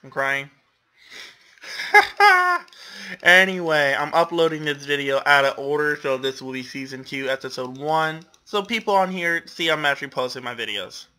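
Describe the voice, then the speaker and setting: A man's voice: on the high side, a little fast, few pauses, pushed and bright. A young man giving casual, exclamatory gameplay commentary, groaning at his losses and laughing at himself. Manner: self-deprecating, exclamatory, laughs often. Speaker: gamer commentator.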